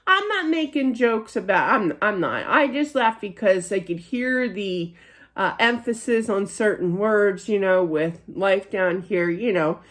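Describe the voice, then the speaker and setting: A woman's voice: mid-range voice, lively intonation, measured pace, a bit bright. A middle-aged woman giving a psychic reading, chatty, with many fillers and frequent laughter. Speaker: psychic medium. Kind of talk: spiritual reading monologue.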